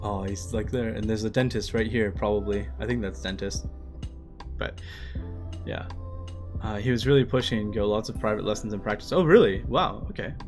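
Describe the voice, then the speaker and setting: A man streaming live, reading a manga aloud in a casual way, laughing often and following Japanese lines with quick English translations. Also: lowish voice, soft background music.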